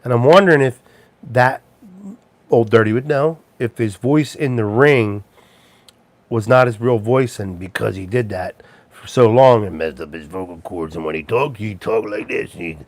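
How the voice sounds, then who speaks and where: A man's voice: fairly low pitch, moderate pace. A man hosting a casual livestream chat, rambling and chuckling, with plenty of ums and restarts. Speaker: live show host.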